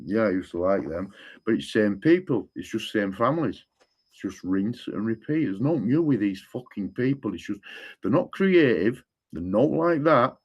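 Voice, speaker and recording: A man's voice: fairly low pitch, big pitch swings, normal speed, husky. A man, rambling in casual chat and often repeating the same stock phrase. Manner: rambling, repeats "what I'm saying to you".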